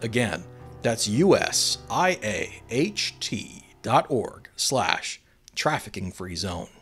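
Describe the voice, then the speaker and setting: Lively man reading a promo. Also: fairly low pitch, faint music behind. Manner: clear, deliberate, spelling things out slowly. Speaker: announcer for the podcast. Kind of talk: scripted promotional read.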